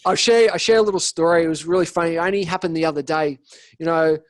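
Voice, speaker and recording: A man's voice: a little high, fast, dry recording. An Australian man, a podcast guest, talking casually and telling stories with energy, acting out the voices of the people he quotes. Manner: energetic storytelling, acts out quoted dialogue. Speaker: podcast guest, business coach. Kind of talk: casual interview talk.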